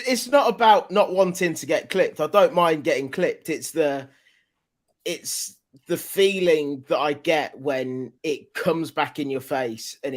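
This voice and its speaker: Man, slightly high voice, casual football pundit, candid and frustrated. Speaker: podcast panelist. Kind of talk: casual football podcast chat.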